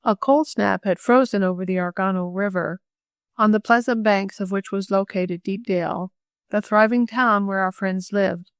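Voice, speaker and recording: Woman audiobook reader, mid pitch, measured storytelling, dead dry room. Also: smooth, no echo. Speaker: audiobook narrator. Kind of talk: scripted narration of a classic novel.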